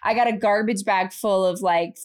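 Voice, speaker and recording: A woman in her thirties, co-hosting a podcast, telling a story in a casual and animated way. She laughs often and acts out what people said. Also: mid-range voice, moderate pace. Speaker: podcast co-host.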